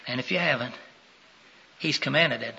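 A middle-aged man preaching a sermon, questioning his listeners and rising to loud, emphatic peaks. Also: mid-range voice, moderate pace, gravelly, breathy edge. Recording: dull lo-fi sound.

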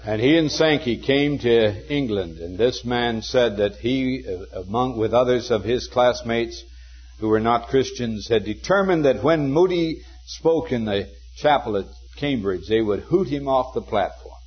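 An older man preaching a sermon, telling stories earnestly and slowing down to quote scripture. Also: medium pitch, animated, husky. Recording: dull lo-fi sermon recording.

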